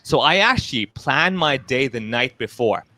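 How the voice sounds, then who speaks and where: A man's voice: medium pitch, moderate pace, dry recording. A man from Hong Kong, a stand-up comedian, chatting casually in an interview and acting out voices in his stories. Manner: animated storyteller, acts out quoted voices.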